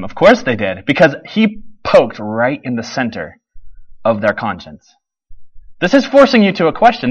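A man preaching a sermon, animated and questioning his listeners, voicing the people in the story as he goes. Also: mid-range voice, low-quality recording. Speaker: pastor.

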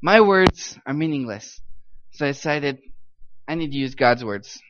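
A man's voice: a little high, lively intonation, measured pace, background noise. A man giving an upbeat missions talk at a church gathering, leading the audience in call-and-response and cheering them on. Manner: upbeat, encouraging, coaxing the crowd to repeat. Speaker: missions speaker. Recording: slightly muffled lo-fi recording.

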